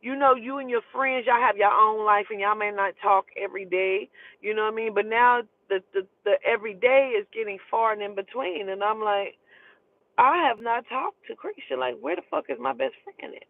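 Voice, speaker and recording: Using casual, profane language, a woman animatedly recounts a personal story and acts out the people in it. Her voice is a little high with vocal fry at a normal speed. The dry, tinny, phone-like recording has no room sound.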